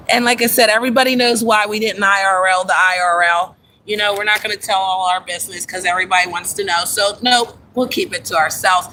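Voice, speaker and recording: A woman hosting a casual livestream from her phone, chatting in an animated way and greeting viewers by name. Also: medium pitch, a little hiss or hum, poor audio. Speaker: livestream host.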